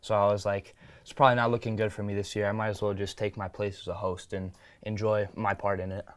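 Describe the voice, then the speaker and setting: Teen guy on a school show, excited and rambly, mouth full of cookie, dry close mic. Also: fairly low pitch, fast, clear, resonant tone, no echo. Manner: upbeat, rambling, eats while talking. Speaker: student guest, upcoming event host. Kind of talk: casual chat interview.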